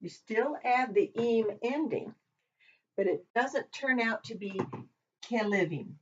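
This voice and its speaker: A woman gives an informal recorded Hebrew vocabulary lesson, chatting and thinking aloud as she double-checks her work. Her voice is fairly high, husky, and lively in intonation, and she takes it slowly. The recording is dull and lo-fi.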